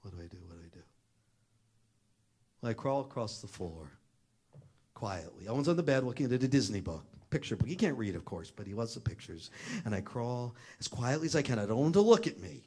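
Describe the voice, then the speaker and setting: Animated man telling a family story. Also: mid-range voice, a little fast, breathy edge. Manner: animated, acts out the voices in his story. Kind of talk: storytelling talk.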